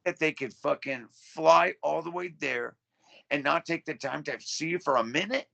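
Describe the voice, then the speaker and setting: Gravelly blunt-talking man. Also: a little high, normal speed, fairly bright tone. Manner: profane, blunt storytelling. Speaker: podcast guest. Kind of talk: casual interview.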